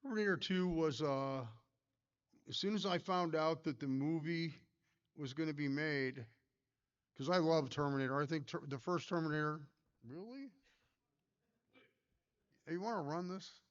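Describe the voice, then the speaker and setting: A man's voice: on the high side, normal speed, long pauses, clean tone, dull audio. An older man giving a casual conference talk about his career, rambling through anecdotes with many fillers and restarts. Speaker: pinball designer giving a talk.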